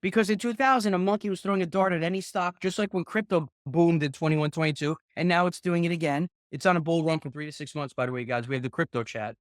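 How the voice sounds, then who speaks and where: A middle-aged man coaching a group call on real estate investing, rambling and excitable, swearing often. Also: on the high side, fast, hardly any pauses, no room sound, clean studio sound.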